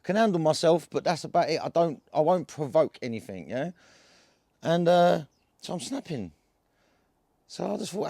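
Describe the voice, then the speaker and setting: A man with an Essex accent and a somewhat high voice rambles through a casual story to camera. He is full of slang and filler and keeps restarting his sentences. The sound is dry and close, with no room echo. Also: big pitch swings, moderate pace, creaky, long pauses, mellow. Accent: Essex English. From England. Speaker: cannabis vlogger.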